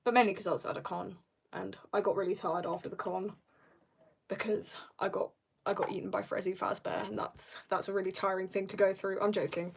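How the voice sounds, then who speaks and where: With a mid-range voice, a level tone, vocal fry and a breathy edge, the teenage streamer talks a little fast. She chats casually over her drawing livestream, her storytelling meandering and punctuated by self-mocking laughter.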